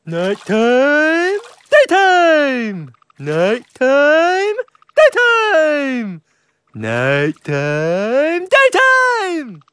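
A woman's voice: high voice, huge pitch swings, very slow, fairly bright tone, exaggerated voice. An actress voicing a childlike woman who speaks in a playful sing-song.

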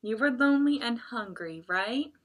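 A woman's voice: on the high side, animated, normal speed. Kind old grandpa bear, voiced by a woman. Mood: gentle. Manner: gentle, reassuring.

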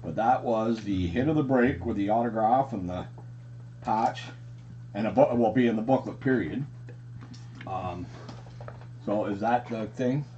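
A man hosting a card collecting unboxing, talking casually and getting excited over the cards. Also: on the low side, unhurried, pauses often, dull audio, a little hiss or hum. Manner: excited, says "frickin' sick". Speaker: card collecting channel host.

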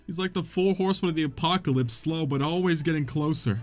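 A man's voice: on the high side, fast, hardly any pauses, music in the background. A man giving jokey let's-play commentary, wisecracking and laughing often as he plays. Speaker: gaming channel host.

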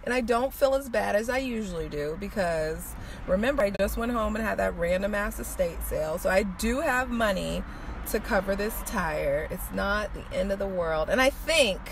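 A woman vlogs into her phone, chatty and freewheeling, her voice swinging up and down with animated energy. Street noise and traffic sit clearly behind her outdoors. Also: medium pitch, normal speed. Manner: animated, chatty, swears freely. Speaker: vlogger. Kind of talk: casual phone vlog.

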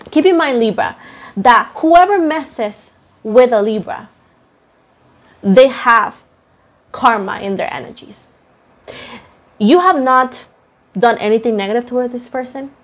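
A young woman giving a tarot reading to her viewers, emphatic and repetitive, swearing casually and calling them pet names. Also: on the high side. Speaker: tarot reader.

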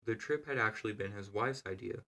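Gravelly low-voiced man reading a novel aloud. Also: low-quality recording. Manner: steady, measured narration. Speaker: reader.

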